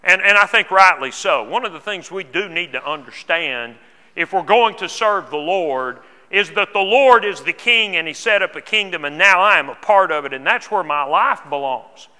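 Bright-voiced preacher man in a reverberant church. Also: sits high, lively intonation, normal speed. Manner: earnest, repeats words when restarting. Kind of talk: sermon. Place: church auditorium. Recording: long hall reverb.

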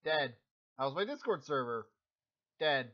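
A man's voice: mid-range voice, sing-song, unhurried, a bit bright, highs cut off, a little hiss or hum. A man streaming a video game, chatting casually with jokes, swearing and self-mocking asides. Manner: joking, profane, self-mocking.

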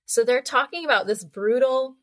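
A young woman guest on a podcast, telling animated, chatty anecdotes and acting out voices as she goes. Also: fairly high pitch, normal speed, no room sound. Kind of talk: casual storytelling conversation.

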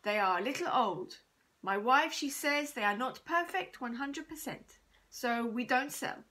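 A woman voicing a generous, lively elderly male shopkeeper who speaks in broken English. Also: high voice, a little slow, heavily acted. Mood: kindly. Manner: broken English, warm exclamations.

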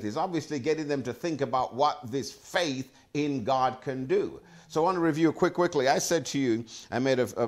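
This is a man preaching a sermon, his voice sitting at an ordinary middle pitch. He speaks emphatically, repeats himself for effect, and punctuates his teaching with praise and calls to the congregation. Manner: emphatic, repetitive, animated preaching with Scripture references. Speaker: pastor.

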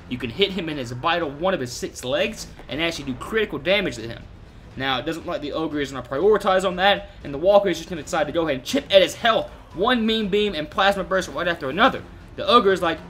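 A man's voice: on the high side, a bit bright. A young man hosting a gaming channel, giving casual, jokey, profane gameplay commentary to his viewers.

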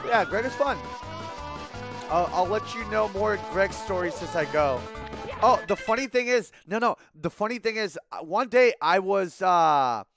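A man with a high-pitched voice chats casually as he streams a game, telling stories in an animated, swear-heavy way. Game music plays clearly underneath him. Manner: animated, profane storytelling. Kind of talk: casual chat while streaming gameplay.

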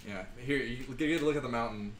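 A man's voice: medium pitch, quick pace, far from the mic. A young man co-hosting a casual livestream while building, chatting in a joking, teasing way. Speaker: stream co-host. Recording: echoey room, off-mic, background noise.

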